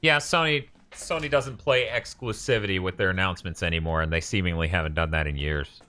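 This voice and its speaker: A man's voice: low-pitched, fairly quick, bright, forceful tone. A man streaming a video game playthrough, chatting casually and profanely with a co-player and reading out viewer chat. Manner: profane, joking, reads out chat.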